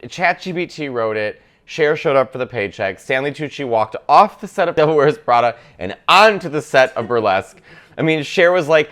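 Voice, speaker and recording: Animated man ranting through a reaction video. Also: medium pitch, a little fast. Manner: animated, opinionated rants with frequent asides and swearing. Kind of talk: casual comedic commentary.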